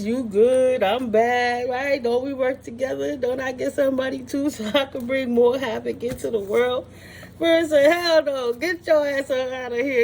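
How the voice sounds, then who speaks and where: A woman's voice: a little high, fairly even intonation, normal speed, a little mellow, slight background noise. A woman doing a casual spiritual tarot reading, sassy and blunt, scolding with profanity and frequent laughs. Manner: scolding, dismissive. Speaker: tarot reader.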